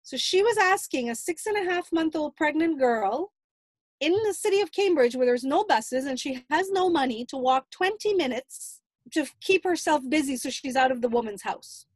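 A woman's voice: sits high, animated, normal speed, dry recording. A middle-aged mother recounting an emotional family story, replaying her own past dialogue at length. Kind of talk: personal storytelling.

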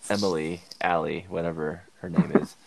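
A man's voice: sits low, level tone, normal speed, creaky, noisy background. A man co-hosting a casual movie review podcast, retelling the plot with lots of fillers. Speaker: podcast co-host.

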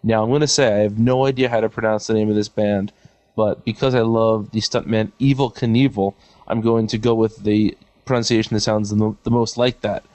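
A man's voice: lowish voice, fairly even intonation, a little fast, darkish tone, dry recording. A man co-hosting a podcast, talking in a dry, sarcastic, matter-of-fact way. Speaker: podcast co-host. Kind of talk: casual podcast chat.

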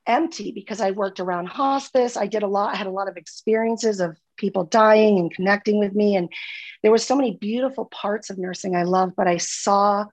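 A woman's voice: medium pitch, brisk, darkish tone. A woman, a former nurse, speaking as a guest in a casual podcast conversation, earnest and heartfelt, often repeating words. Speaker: guest, former nurse turned spiritual healer.

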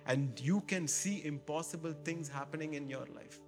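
A man's voice: a little high, normal speed, darkish tone, soft background music. A man preaching a sermon, building to emphatic repeated rhetorical questions and calling out to the congregation. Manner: calls out to the congregation. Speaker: pastor.

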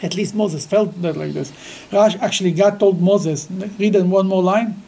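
A man leads a weekly scripture class in a mellow, dark voice. He talks haltingly and often restarts his sentences. He grows lively when he tells a story. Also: high-pitched, vocal fry, rough recording. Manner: halting, with frequent restarts, grows lively while telling stories. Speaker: Torah teacher.

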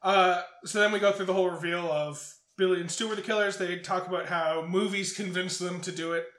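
A high-voiced podcast co-host curses his way through a casual movie recap, speaking fairly quickly. His retelling is profane and animated, with quotes acted out, and the recording has a roomy echo.

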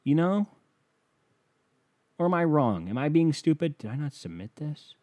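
A man's voice: fairly high pitch, very animated, moderate pace, long pauses, a little mellow, dry recording. A man ranting as a comedian in a profane, sarcastic, rambling monologue.

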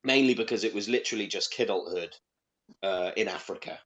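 A man's voice: lowish voice, a little fast, fairly bright tone. Rambling sweary Welsh man. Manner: rambling, full of fillers and swearing. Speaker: podcast co-host. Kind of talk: casual chat.

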